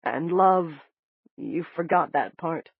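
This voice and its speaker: A narrator voicing a gentle, hurting young man in an audiobook, speaking softly and earnestly. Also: mid-range voice, animated, slow pace, vocal fry, slightly rough, dry recording, phone-quality sound, full character voice. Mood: tender. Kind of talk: audiobook character voice.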